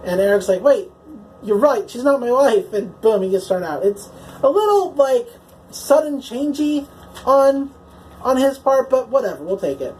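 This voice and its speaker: A woman's voice: fairly high pitch, big pitch swings, normal speed, darkish tone, slight background noise, low-quality recording. A woman casually recapping a TV episode as a reviewer, chatty and swearing freely, filling her talk with "like" and "you know".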